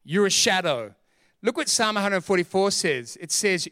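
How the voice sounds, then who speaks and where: A middle-aged man, preaching a sermon as pastor in an energetic, joking, emphatic way. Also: sits high, normal speed, smooth, no echo, studio quality.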